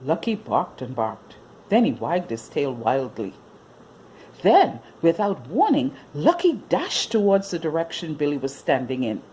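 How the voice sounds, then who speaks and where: A woman reading a children's story aloud as a storyteller, in an expressive, sing-song manner. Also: low-pitched, measured pace, slight background noise.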